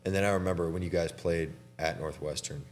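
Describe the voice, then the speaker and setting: Young male host, very low voice, relaxed and chatty, says "dude" a lot; faint hum behind. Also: fairly quick. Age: young adult. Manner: laid-back, chatty, laughs often, says "dude". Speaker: podcast host and college basketball player. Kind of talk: casual chat between teammates.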